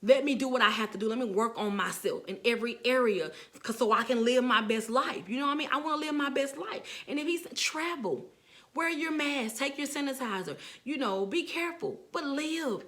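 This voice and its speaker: A woman's voice: sits high, moderate pace, fairly bright tone. A middle-aged woman casually preaching to viewers as a motivational speaker, earnest and encouraging, often repeating herself for emphasis.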